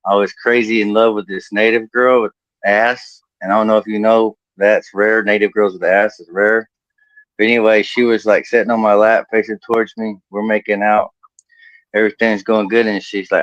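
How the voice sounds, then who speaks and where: A man's voice: fairly low pitch, little pitch movement, normal speed, a bit bright, dry recording, highs cut off. A man doing a crude stand-up comedy set over a video call, laughing at his own jokes.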